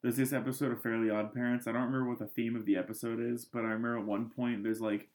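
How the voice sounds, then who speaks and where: A man's voice: mid-range voice, little pitch movement, rapid-fire, a little mellow. A man in casual podcast chat, wry and laughing along with the story.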